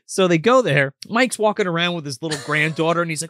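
A man's voice: fairly high pitch, expressive, fast, pushed and bright, no room sound, studio quality. A man casually recapping a movie on a podcast, swearing freely and jokingly acting out the characters. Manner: profane, jokey, acts out quoted characters. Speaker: podcast co-host.

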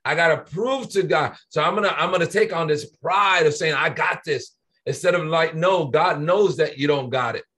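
A man in casual Bible-study conversation, reading scripture slowly and pressing his points with earnest repetition. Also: fairly high pitch, a bit bright, breathy edge. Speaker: co-host of a faith discussion.

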